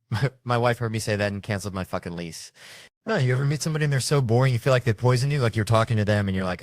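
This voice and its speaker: A man with a fairly low voice spins rambling, profane comic anecdotes and voices the other people in them. The sound is dry and close, with almost no room in it. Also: fast talker, no room sound. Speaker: comedian telling stories. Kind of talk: stand-up storytelling.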